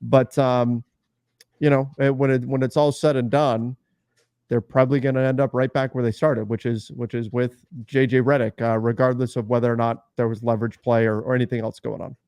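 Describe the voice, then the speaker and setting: A man's voice: medium pitch, level tone, fairly quick, darkish tone, smooth, no room sound. Man explaining casually in a dry recording. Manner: conversational, explains with everyday examples. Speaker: podcast co-host. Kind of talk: casual sports talk.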